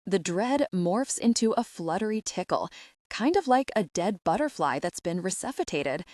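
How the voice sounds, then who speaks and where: A woman narrating a first-person romance audiobook in a wry, expressive way. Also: mid-range voice, moderate pace, dry recording, studio quality.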